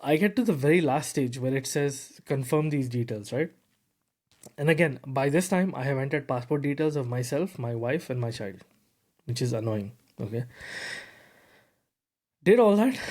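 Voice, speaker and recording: A man hosting a tech podcast, telling a story in a lively, casual way with lots of fillers and repeated words. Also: mid-range voice. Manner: animated, repeats words, heavy fillers like "bro" and "you know". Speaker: podcast host.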